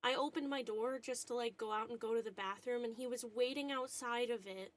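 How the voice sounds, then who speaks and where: A woman with a slightly high voice chats casually to her livestream audience from home. She keeps slipping into a soft, cooing tone, as if soothing a pet. She speaks into a desk microphone. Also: brisk, few pauses. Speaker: streamer. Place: at home indoors.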